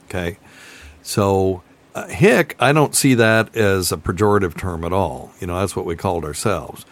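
Laid-back radio host with a lowish voice. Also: male voice, moderate pace. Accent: Appalachian, mostly softened. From Appalachian mountains, USA. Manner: laid-back, laughs often, chatty. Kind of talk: casual call-in radio chat.

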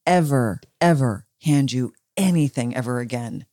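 Lady cohost teasing her friend, animated storyteller, dry close mic. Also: rumbling low, normal speed, no echo. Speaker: podcast co-host. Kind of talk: casual chat.

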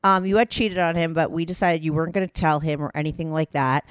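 Casual podcast host lady, low voice, blunt, says um and like a lot, dry sound. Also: steady tone, fast talker, smooth, dry recording. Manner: frank, swears casually, filler-heavy. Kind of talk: casual chat.

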